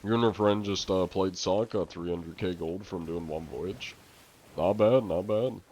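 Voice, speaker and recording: A man's voice: low-pitched, steady tone, normal speed, a little mellow, slight background noise. A young man streaming, casually answering viewer questions in a loose, rambling way full of fillers and the odd swear word. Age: young adult.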